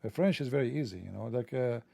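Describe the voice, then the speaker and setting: A man's voice: mid-range voice, animated, fast, gravelly, warm tone, dry recording. A man hosting a livestream, delivering a sarcastic, joking, mocking monologue. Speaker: livestream host.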